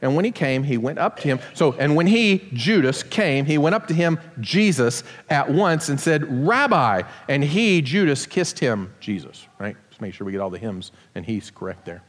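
A man's voice: mid-range voice, expressive, moderate pace, hardly any pauses. A man giving a casual sermon as pastor, explaining scripture with joking asides in a church sanctuary. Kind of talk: conversational sermon. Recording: long hall reverb.

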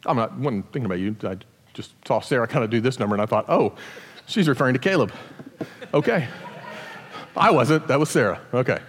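A man's voice: mid-range voice, expressive, fairly quick, long pauses, husky. A man giving a casual sermon as pastor, explaining scripture with joking asides in a church sanctuary. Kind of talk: conversational sermon. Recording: long hall reverb.

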